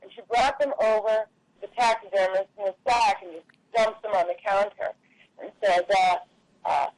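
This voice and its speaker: A woman's voice: mid-range voice, darkish tone, no echo, poor audio. Woman telling jokes in a dry room. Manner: loose, halting storytelling. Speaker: stand-up comic. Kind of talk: telling jokes at an open mic.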